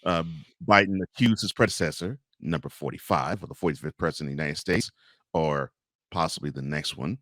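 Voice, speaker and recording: A man's voice: a bass voice, a little fast, a bit bright, dry recording, studio quality. A man co-hosting a podcast, reading political news aloud and breaking off for sarcastic asides in casual chat. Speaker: podcast co-host.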